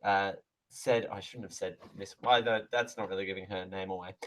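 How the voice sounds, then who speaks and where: A man's voice: deep voice, fairly even intonation, brisk, fairly bright tone, rough recording. A man hosting a live radio show from a studio mic, rambling and correcting himself with sarcastic asides. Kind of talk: live radio talk, reading mail aloud. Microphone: close studio microphone.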